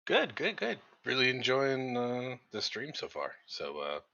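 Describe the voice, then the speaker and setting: A man's voice: medium pitch, wildly swooping pitch, a little slow, creaky, pushed and bright, lo-fi sound. A man playing in a tabletop game, chatting in an easygoing way. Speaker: player. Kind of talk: casual chat.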